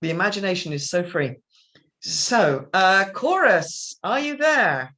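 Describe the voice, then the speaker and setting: A theatre company director chats casually over a video call, rambling, laughing, and often restarting her sentences. Her voice is on the low side, fairly bright, animated, and a little slow.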